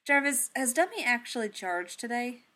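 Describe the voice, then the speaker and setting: A woman voicing a patient male soldier who speaks softly, firmly and precisely. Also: on the high side, normal speed, pitched above the performer's own voice. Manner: soft, firm and even. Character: calm, patient male soldier, gently firm. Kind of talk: audiobook character reading.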